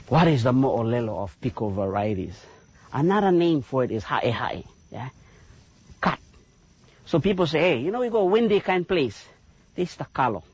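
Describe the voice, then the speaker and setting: A man's voice: medium pitch, breathy edge, dull audio. A man with a Hawaiian Pidgin accent, a taro farmer explaining his fields on a farm tour in a folksy way, tagging "yeah?" onto his points. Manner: animated, folksy, lots of "yeah?" tags.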